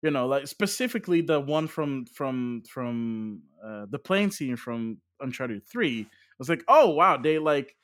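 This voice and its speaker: A man chatting casually about games and films, lively and full of fillers, his voice jumping up when he gets excited. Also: medium pitch, a little slow, hardly any pauses. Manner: animated, filler-heavy, voice jumps up when excited.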